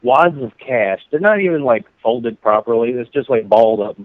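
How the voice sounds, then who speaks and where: A man's voice: medium pitch, animated, moderate pace, dry recording. A man telling a rambling, profane story on a podcast, laughing at his own jokes. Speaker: podcast co-host. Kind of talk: casual storytelling. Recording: dry, phone-like narrow sound.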